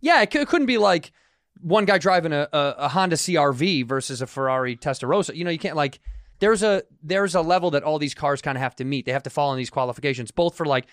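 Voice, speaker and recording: A man's voice: a little high, lively intonation, quick pace, a bit bright, no room sound. Brief: a joking man chatting casually, explains at length, dry recording. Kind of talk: casual chat.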